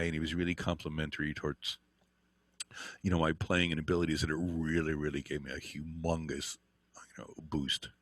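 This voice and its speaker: An older man with an extremely deep voice rambles through stories from his teaching years. He swears now and then, circles back, and fills gaps with "uh" and "you know." The sound is dry and close. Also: a bit bright, no echo. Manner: rambling anecdotes with frequent fillers and swearing. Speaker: interview guest, guitar teacher. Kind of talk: casual storytelling.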